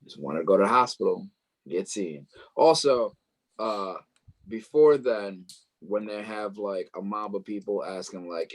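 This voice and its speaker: A man's voice: on the low side, measured pace. Man, podcast co-host, laid-back joking chat, casual swearing. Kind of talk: casual movie review chat.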